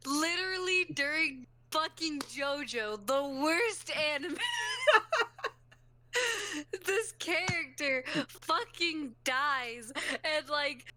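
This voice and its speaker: High, bright, lively young woman. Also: takes it slowly. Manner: giggly, swears, tells stories. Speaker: podcast co-host. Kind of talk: casual chat.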